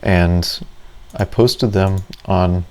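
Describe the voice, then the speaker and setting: Slow, deep-voiced man rambling over gameplay. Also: steady tone, a little mellow. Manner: rambling and self-deprecating, with frequent fillers and laughs. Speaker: gaming video creator. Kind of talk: casual gameplay commentary.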